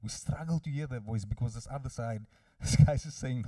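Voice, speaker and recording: A man's voice: mid-range voice, fairly quick, hardly any pauses, mellow, no echo, clean studio sound, recorded from a distance. A man preaching a sermon, earnestly addressing his listeners directly.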